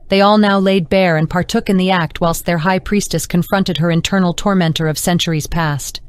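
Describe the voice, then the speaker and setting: A woman narrating an audiobook in a measured, dramatic reading. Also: fairly low pitch, clear, resonant tone, no echo. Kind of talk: scripted narration.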